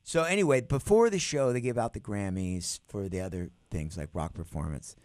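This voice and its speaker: A middle-aged man, a guest musician, animatedly telling stories in an interview and acting out quotes in a higher voice. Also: normal speed, a little mellow, dry recording. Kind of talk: interview storytelling. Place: radio studio.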